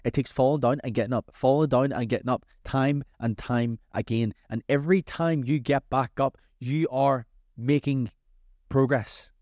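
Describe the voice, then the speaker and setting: A man's voice: mid-range voice, normal speed, a little mellow. A man hosts his own advice podcast, talking in a chatty and motivating way. His voice sits in an ordinary middle range. The sound is dry and close, with no room echo. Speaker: podcast host and coach.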